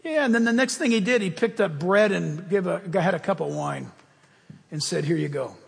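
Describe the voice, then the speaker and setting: A man preaching a sermon as pastor, telling stories with lively swings between loud emphasis and soft asides. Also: high-pitched, normal speed, creaky, in a large hall.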